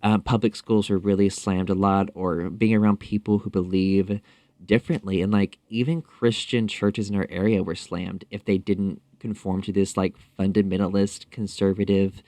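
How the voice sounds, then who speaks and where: A man's voice: low-pitched, level tone, mellow, dry recording. A man speaking as a podcast guest in a casual interview, talking thoughtfully with frequent fillers and restarts. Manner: thoughtful, halting, many fillers.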